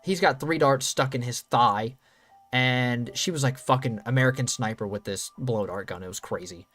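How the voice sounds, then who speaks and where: A man's voice: medium pitch, moderate pace, fairly bright tone. A young man telling a wild story in casual, profane, rambling talk full of fillers and restarts. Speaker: channel host.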